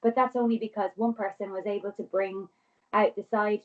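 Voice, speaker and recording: A woman in her twenties, a podcast guest, who talks quickly and earnestly and rambles with many restarts. Her voice sits mid-range for a woman. The audio is dull and muffled, as on a remote call. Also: medium pitch, steady tone. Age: 20s. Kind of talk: casual conversation.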